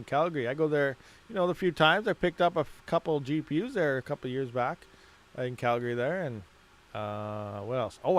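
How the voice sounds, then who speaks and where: A man with a medium-pitched, slightly bright voice hosts a mining livestream, rambling casually, laughing a lot, and muttering as he fiddles with settings.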